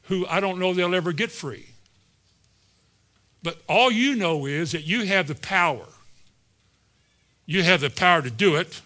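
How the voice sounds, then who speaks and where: A man preaching a sermon, telling stories in a folksy way, dropping into soft asides and rising to sudden emphatic peaks. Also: a little high. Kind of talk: sermon storytelling.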